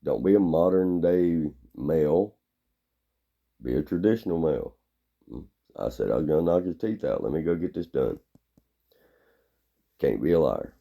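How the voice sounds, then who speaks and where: Gruff guy ranting his opinions, super low gravelly voice, dark tone. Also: lively intonation, moderate pace, long pauses. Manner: blunt, gruff, rambling. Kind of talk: opinionated monologue.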